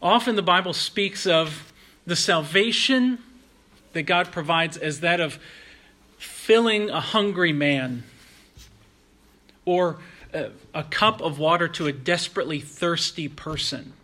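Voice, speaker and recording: A man delivers a sermon in a bright, forceful voice that sits a touch high. He speaks earnestly and at a measured pace. He slows right down and leans on phrases he wants to stress. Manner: earnest, measured preaching with slow emphatic pauses. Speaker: pastor.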